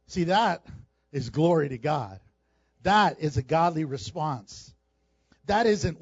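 A man's voice: on the high side, expressive, a little slow, no echo, muffled recording. A male pastor preaching a sermon, emphatic and repeating phrases for stress.

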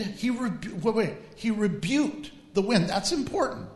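A man preaching as a pastor in a lively, humorous way, drawing out emphatic phrases. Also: high voice, moderate pace, few pauses. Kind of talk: sermon. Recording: echoey hall.

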